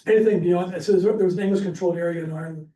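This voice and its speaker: This high-pitched, warm voice races along with fairly even intonation. It belongs to a Pennsylvania man teaching a laid-back history class at church, rambling and chatty with lots of fillers and restarts. The room echoes, the mic is distant, and there's a faint hiss.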